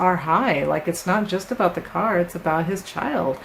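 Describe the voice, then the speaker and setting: A woman's voice: lowish voice, measured pace, creaky, hardly any pauses, slight background noise, poor audio. A woman hosting her own channel, explaining writing craft in a casual, conversational teaching style, often checking in with "right?" as she works through an example. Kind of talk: casual instructional talk to camera.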